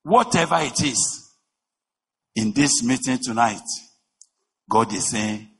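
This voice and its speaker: Emphatic preacher, husky and lively. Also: male voice, mid-range voice, slow pace. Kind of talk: sermon. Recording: long reverb of a large hall.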